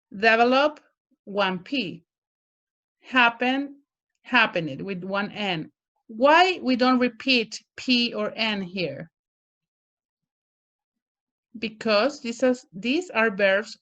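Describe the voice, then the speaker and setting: A woman's voice: medium pitch, pushed and bright. A woman teacher giving an online grammar lesson, speaking carefully and stressing words to model their pronunciation. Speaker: English teacher.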